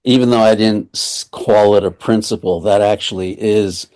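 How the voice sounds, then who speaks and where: Male author guest, very low pitch, reflective and measured. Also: steady tone, a little mellow. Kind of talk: conversational interview.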